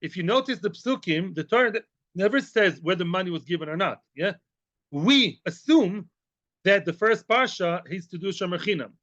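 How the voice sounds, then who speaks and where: A man, a rabbi, teaching a Talmud class in a lively way, mixing English with Hebrew and Aramaic terms and asking questions he then answers himself. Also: high voice, brisk, no echo. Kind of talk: Talmud lesson. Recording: dull, lo-fi and dry.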